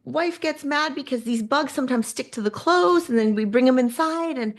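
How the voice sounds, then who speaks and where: A woman voicing a delighted middle-aged male hotel worker in a suit, speaking with excited, gushing energy. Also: high voice, normal speed, voice pushed up. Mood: chatty.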